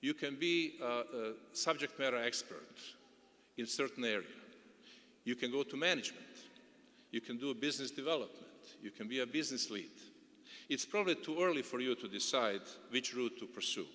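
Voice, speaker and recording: A man's voice: mid-range voice, a little fast, bright, forceful tone. A middle-aged man from Bosnia and Herzegovina giving an earnest, advising commencement speech, often repeating words. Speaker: commencement speaker. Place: large indoor coliseum. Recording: long reverb of a large arena.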